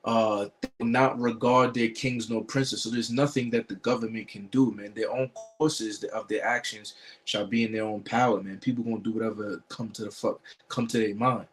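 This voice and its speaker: A man's voice: on the low side, steady tone, normal speed, soft background music. A man giving casual reaction commentary on a video, preachy and scornful, quoting scripture and swearing.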